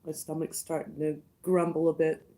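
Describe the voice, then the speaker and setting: A woman's voice: low-pitched, flat delivery, dark tone. A woman vlogger eating on a livestream and greeting her chat viewers by name between bites, murmuring over the food. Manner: slow, chewing, savoring food with murmurs. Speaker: mukbang vlogger.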